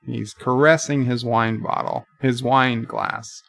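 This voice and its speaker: A man recapping a TV episode live, retelling the dialogue slowly with occasional comments of his own. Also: mid-range voice, fairly even intonation, vocal fry, a bit bright, soft background music. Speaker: video reviewer. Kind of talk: live watch-along recap.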